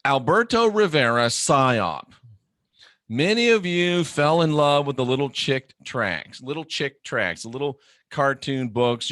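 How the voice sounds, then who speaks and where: Blunt, animated man host. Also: mid-range voice, measured pace, no echo, clean studio sound. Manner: blunt, animated, swings into loud mock shouting. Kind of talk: live online show monologue.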